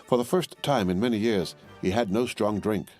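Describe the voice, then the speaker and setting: A man with a deep, low voice narrates a classic novel in measured, even storytelling. Soft music plays faintly behind the reading. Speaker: audiobook narrator. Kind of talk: scripted narration.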